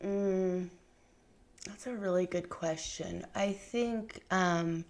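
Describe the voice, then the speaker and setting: A woman's voice: mid-range voice, fairly even intonation, slow, a little mellow. A middle-aged woman talking candidly as a podcast guest, rambling with lots of fillers and restarts. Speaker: podcast guest, memoir author. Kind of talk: conversational interview.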